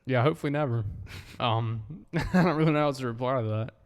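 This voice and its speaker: A man's voice: mid-range voice, fast. A man co-hosting a casual podcast chat, easygoing and agreeable, often chiming in with short replies. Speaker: podcast co-host. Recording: echoey room with long reverb.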